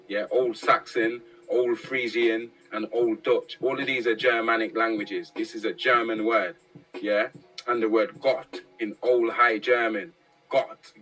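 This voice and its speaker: A man's voice: medium pitch, fairly bright tone, poor audio. Man commentator, mid-range voice, loose profane street-slang delivery. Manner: profane, slangy, ends points with "yeah?". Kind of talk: casual monologue.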